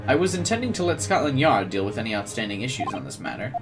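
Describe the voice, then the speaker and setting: A man's voice: medium pitch, very animated, natural voice. A man doing a stern, formal investigator. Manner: formal, measured, courteous. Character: calm, stern male investigator, polite and formal. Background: game music.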